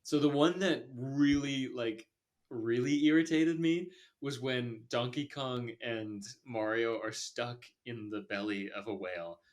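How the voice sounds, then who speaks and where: A man's voice: mid-range voice, measured pace. A man co-hosting a movie podcast in casual chat, sarcastic and laughing as he picks films apart. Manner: sarcastic, laughs while criticizing. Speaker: podcast co-host.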